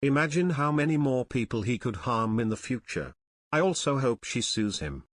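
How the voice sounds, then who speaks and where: A woman putting on a gruff deep man's voice. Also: animated, moderate pace, dry recording. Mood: stern. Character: gruff deep man reading out chat.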